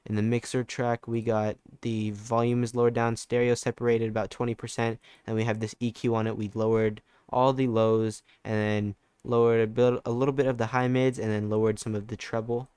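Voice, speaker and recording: A man's voice: medium pitch, flat delivery, fairly quick, hardly any pauses, a little mellow, clear, resonant tone, no echo. A young man giving a casual, laid-back music production tutorial, loose and full of fillers and restarts. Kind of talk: casual screen-recorded tutorial.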